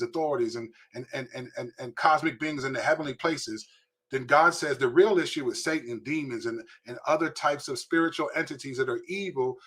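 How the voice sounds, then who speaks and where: A male pastor with a husky, slightly breathy voice at an ordinary middle pitch. He preaches with urgency, often stumbling into repeated words as he drives a point home. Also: fairly bright tone. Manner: emphatic, repeats words when pressing a point. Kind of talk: preaching to camera.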